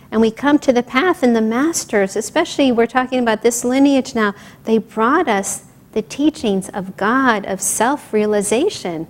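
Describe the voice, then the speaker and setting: A woman delivers a spiritual talk to a congregation. She tells stories in an animated way and keeps checking in with "right?". She drops to a soft whisper when she quotes the saints. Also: mid-range voice, a little hiss or hum. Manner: animated storyteller, laughs often, asks "right?". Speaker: speaker giving a spiritual talk. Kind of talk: sermon with storytelling.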